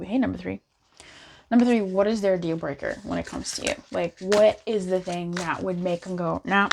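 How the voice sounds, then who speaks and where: A woman reads tarot cards in a loose, chatty manner and talks back and forth with spirit as if it were in the room. Her pitch sits in the middle for a woman. A faint hiss runs underneath. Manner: playful, chatty, bickers aloud with spirit. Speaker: tarot card reader. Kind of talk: casual pick-a-card tarot reading.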